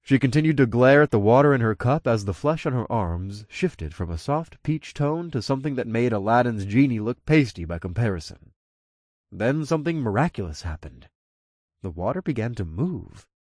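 A man's voice: mid-range voice, animated, moderate pace, a little mellow, dry recording, studio quality. A man narrating an audiobook in the first person, telling the story expressively.

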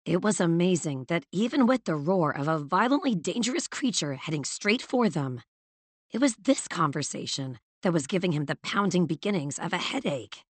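A woman narrating an audiobook in a measured, even storytelling manner. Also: on the low side, no echo. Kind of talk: scripted narration.

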